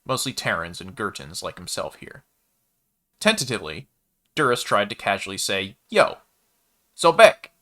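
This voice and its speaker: Man reading a story, bright voice. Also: low-pitched, lively intonation, normal speed. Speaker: narrator. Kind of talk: storybook narration.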